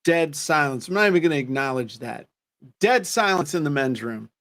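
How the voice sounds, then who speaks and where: A man's voice: on the high side, animated, moderate pace, a bit bright. A man co-hosting a show, telling stories in a casual, joking chat. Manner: joking storyteller, self-deprecating. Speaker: co-host.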